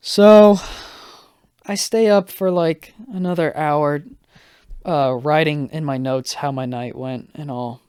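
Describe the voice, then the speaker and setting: A young man tells a long story on his solo podcast, casual and profane, doubling back to fix details as he goes. His voice sits a little high and comes through smooth and clear despite a slight hoarseness. The sound is dry and close to the mic. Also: fairly even intonation, slow, darkish tone, no echo. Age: young adult. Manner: rambling, profane, self-interrupting. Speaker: podcast host.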